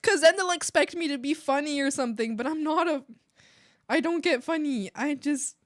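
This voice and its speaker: A woman's voice: high voice, moderate pace, no room sound, clean studio sound. A young woman streaming while she draws, chatting casually, giggling often and acting out the people she quotes in exaggerated voices. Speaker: streamer and illustrator.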